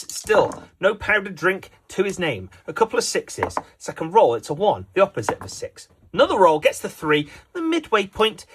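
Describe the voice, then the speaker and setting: A man's voice: on the high side, slight background noise. Guy doing jokey dice-game commentary, voice goes up and down a lot. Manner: jokey, lively play-by-play. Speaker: host and commentator.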